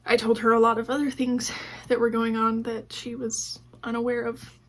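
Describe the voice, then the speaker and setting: A woman's voice: on the high side, completely flat delivery, moderate pace. A woman vlogger talking casually about her own life, acting out what people said with many "like"s. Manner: conversational, acts out quoted dialogue with many "like"s. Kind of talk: casual personal storytelling.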